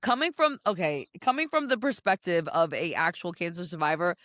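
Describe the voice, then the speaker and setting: A woman's voice: lowish voice, a little fast, no echo, studio quality. A woman co-hosting a casual comedy film review podcast, swearing freely and laughing as she tells the story. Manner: profane, laughing, animated storytelling. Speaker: podcast co-host.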